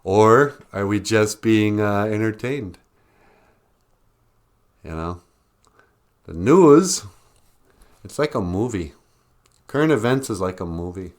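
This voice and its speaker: A man hosting a podcast in a rambling solo monologue, chuckling often and jumping into high mocking voices for quoted people. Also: animated, takes it slowly, long pauses. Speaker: podcast host.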